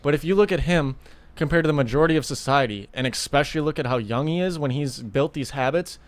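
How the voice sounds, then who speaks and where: A man's voice: on the high side, fast, no echo. A man co-hosting a podcast in casual chat. He talks emphatically, swears, and backs up his friend. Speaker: podcast co-host.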